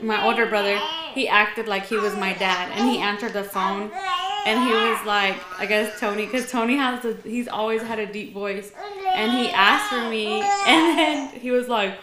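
A young woman guest in casual chat, telling stories softly and trailing off with "whatever.". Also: mid-range voice, fairly even intonation, moderate pace, reverberant, heavy background noise. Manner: soft-spoken storyteller, trails off with "whatever". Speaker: podcast guest.

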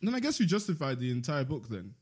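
A man's voice: fairly high pitch, sing-song, breathy edge. A man hosting a casual chat, reading passages aloud and debating them with friends. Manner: playful, laughs often, reads in a measured voice. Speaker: podcast host reading from a book.

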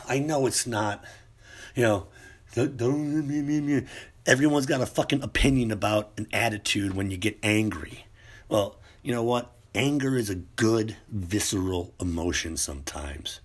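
A man's voice: on the low side, slightly rough. A man ranting in a casual, profane monologue, rambling with many restarts.

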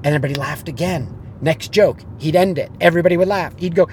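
A man's voice: a little high, a little fast, a little hiss or hum. A man with a blunt, profane way of talking, acting out the people in his story and then giving sales advice as a business coach. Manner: animated storyteller who acts out the people he quotes.

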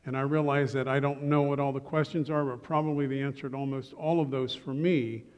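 A male pastor giving a sermon to his congregation, relaxed and joking in asides. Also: mid-range voice, brisk, long reverb tail. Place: church sanctuary.

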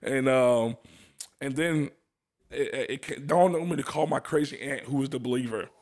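A man's voice: medium pitch, moderate pace, a little mellow. A young man sharing his personal testimony in a casual chat, telling it earnestly with frequent laughs. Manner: earnest storytelling, laughs often, restarts.

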